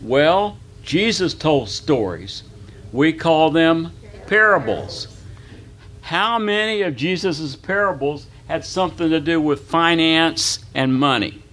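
A man's voice: on the high side, expressive, slow pace, fairly bright tone. An older man teaching a Bible class as pastor, folksy and chatty, quizzing his listeners and telling anecdotes. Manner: folksy, asks the audience questions, tells anecdotes.

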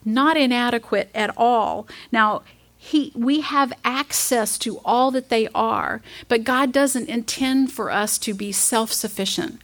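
A woman preaching a sermon in an earnest manner, reading scripture aloud with slow, deliberate emphasis. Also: a little high.

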